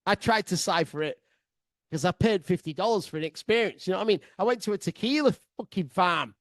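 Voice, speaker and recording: A man telling a sweary comic travel story to his listeners, excitable, laughing often and swearing freely. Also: high-pitched, fairly quick, dry recording. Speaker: podcast storyteller.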